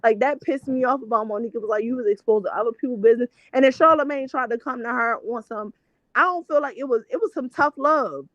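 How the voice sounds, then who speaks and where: A woman's voice: on the high side, fast talker, fairly bright tone, dry recording. A woman hosting a casual gossip chat, talking bluntly with lots of swearing and stop-start restarts. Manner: blunt and profane, rambling restarts. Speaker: host. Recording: dull lo-fi dry sound.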